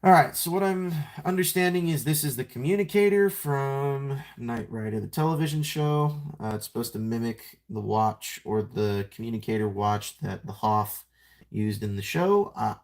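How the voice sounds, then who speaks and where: A young man with a fairly low, darkish voice chats casually on a live stream as he transforms a toy figure. He rambles, pokes fun at himself, and greets viewers by name.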